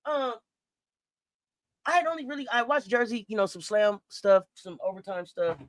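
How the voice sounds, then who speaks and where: A woman co-hosting a casual sports chat, animated and playful, often repeating words. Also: mid-range voice, moderate pace, no echo, clean studio sound. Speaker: co-host.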